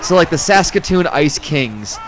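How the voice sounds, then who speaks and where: A man's voice: a little high, expressive, a little hiss or hum. A man giving joking, rambling live commentary on a video game football match, calling plays and swearing casually. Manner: rambling, swears, quick play calls.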